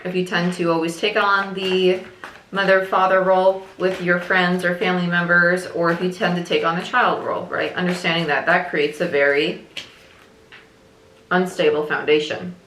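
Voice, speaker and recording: A woman's voice: lowish voice, flat delivery, normal speed, fairly bright tone, roomy sound, slight background noise, low-quality recording. A woman giving a casual tarot reading, chatty and repetitive, often saying "like" and "right?", talking around a piece of gum. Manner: chatty, repeats herself, frequent "like" and "right?". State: chewing gum while talking. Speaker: tarot reader.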